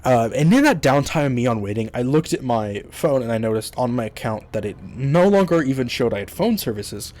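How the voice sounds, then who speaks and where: A man with a voice of ordinary pitch rants to his viewers in a loose, rambling way. He is exasperated and swears freely. He often restarts his sentences as the story runs on. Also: animated, fairly quick, few pauses, a little mellow. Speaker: YouTuber. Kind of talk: casual storytelling rant.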